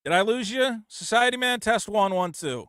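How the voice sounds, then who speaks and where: A man hosting a call-in podcast, talking in a loud, profane, ranting way on a close studio mic. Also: sits high, moderate pace, no room sound. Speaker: podcast host. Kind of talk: casual call-in chat.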